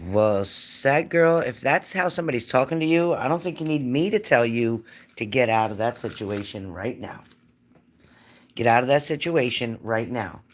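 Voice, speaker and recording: A woman's voice: very deep voice, lively intonation, moderate pace. A woman hosting a live psychic reading stream, chatting casually and greeting viewers by name.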